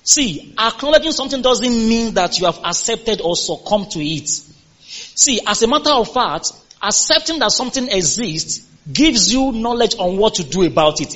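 A male pastor preaches with an emphatic, rising-and-falling delivery, pressing his listeners for answers. His voice sits high and carries a husky grain. The recording is dull and lo-fi. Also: fairly bright tone. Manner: emphatic, call-and-response with congregation. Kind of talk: sermon.

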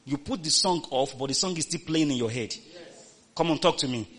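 A man preaching a sermon, repeating phrases and swinging from loud calls to hushed, quoted scripture. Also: on the high side, fairly quick, slightly rough.

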